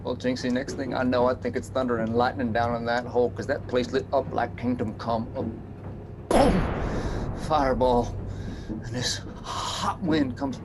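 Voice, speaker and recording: A man's voice: medium pitch, measured pace, close to an everyday voice. An actor playing an aging coal miner and father, telling the story in a folksy drawl for a stage play. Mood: harrowing. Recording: noisy background.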